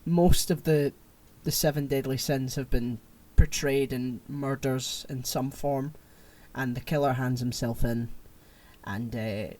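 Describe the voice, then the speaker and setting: A man's voice: mid-range voice, slow. Man retelling a film plot in casual chat. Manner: animated, rambling film retelling with acted-out quotes. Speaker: podcast co-host.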